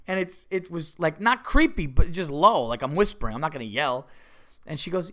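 Male comedian host, young adult, casual storyteller, loose and animated, lots of restarts, voice sits a bit high. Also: moderate pace. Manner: animated, rambling with many fillers and restarts.

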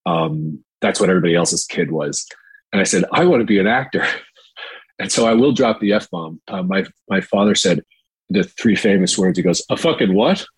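A man in his sixties from New York, an actor telling his life story in a relaxed, rambling way with many fillers. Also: low-pitched, normal speed, slightly rough, dry recording, rough recording. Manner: relaxed, rambling with fillers, mimics quoted voices. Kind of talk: storytelling in a casual interview.

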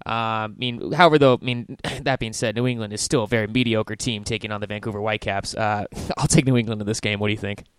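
A man's voice: mid-range voice, clear, resonant tone, no echo. A man co-hosting a soccer podcast, previewing games in an upbeat way with many fillers. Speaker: podcast co-host. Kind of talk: casual soccer talk.

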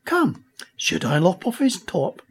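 Brief: soft, coaxing storybook mum, kind and generous, higher and lilting, read by a man. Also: very animated, measured pace, slightly rough, heavily acted. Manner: gentle, coaxing. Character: kind, generous middle-aged mother.

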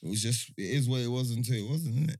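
A man's voice: mid-range voice, quick pace, darkish tone, no echo, clean studio sound. A young man chatting casually and telling a slangy story, acting out the other people's lines as he goes. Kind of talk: casual podcast chat.

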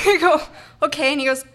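A young woman telling a funny personal story on stage, animated and laughing, acting out the voices of the people in it. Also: high-pitched, measured pace, slight background noise. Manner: animated, acts out quoted voices, laughs often.

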